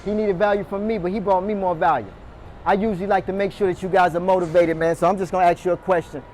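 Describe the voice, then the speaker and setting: A man's voice: sits high, fast talker, a little hiss or hum. A man giving a motivational talk to a room of door-to-door salespeople, quizzing them and calling on them to answer. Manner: energetic, calls on the audience, quizzes the room. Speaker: motivational speaker. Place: meeting room with a live audience.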